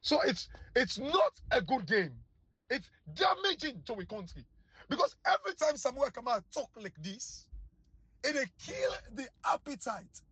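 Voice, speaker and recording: A man's voice: very high voice, very animated, normal speed, bright, forceful tone, breathy edge, no echo. A man with a Sierra Leonean Krio accent giving heated, scornful political commentary that repeats itself. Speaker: online commentator.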